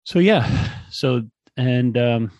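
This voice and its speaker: A man's voice: mid-range voice, extremely slow, no echo. A man co-hosting a podcast, chatting casually with dry, teasing humor. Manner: relaxed, dry teasing banter. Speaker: podcast co-host. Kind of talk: casual chat.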